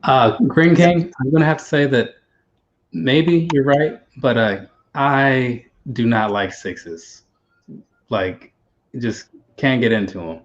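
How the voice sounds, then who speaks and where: An easygoing man hosting a casual livestream, talking in loose, hesitant bits. His voice sits at a middle pitch. The audio is dull and lo-fi. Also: slow pace. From United States. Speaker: livestream host. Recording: dull lo-fi sound.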